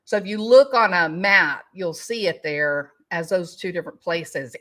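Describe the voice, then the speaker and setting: A woman's voice: lowish voice, a little slow, few pauses, fairly bright tone. A middle-aged woman hosting a casual livestream, chatting with her viewers and talking to her dogs. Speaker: YouTube news commentary host.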